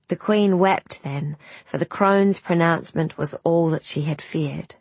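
Slow, husky woman reading a fairy tale. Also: deep voice, a little mellow, no echo. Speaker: narrator. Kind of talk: scripted storybook narration.

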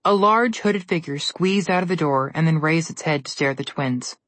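A woman narrating a storybook in an even, measured reading. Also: low voice, no echo.

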